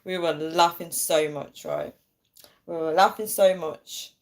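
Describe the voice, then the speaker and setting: A woman's voice: lowish voice, very animated, takes it slowly. A young woman chatting casually to viewers on a phone livestream, laughing often and thanking them.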